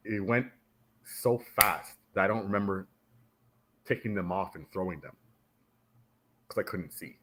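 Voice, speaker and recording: Man, deep voice, from Canada, military veteran, animated storyteller, podcast guest. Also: measured pace, long pauses, noisy background. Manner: animated, acts out the voices of others in his stories. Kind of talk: casual storytelling in a podcast interview.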